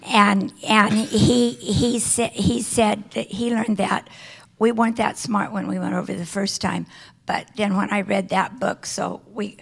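A woman missionary guest telling a story, with halting starts and restarted phrases. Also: mid-range voice, flat delivery, creaky, breathy edge.

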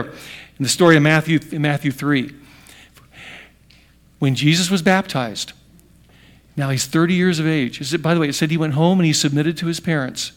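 A middle-aged man preaching a sermon to fathers, building to loud emphasis and then dropping to a hush. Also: fairly high pitch. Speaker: pastor.

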